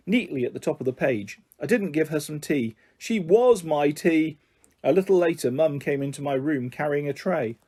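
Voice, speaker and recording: Male storyteller for a children's novel; calm, even, mellow delivery. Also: on the high side, moderate pace, breathy edge. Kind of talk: reading a children's novel aloud.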